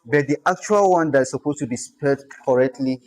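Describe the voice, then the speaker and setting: A man teaching a language class, explaining patiently and repeating words slowly. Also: mid-range voice, a little mellow. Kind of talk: classroom lesson.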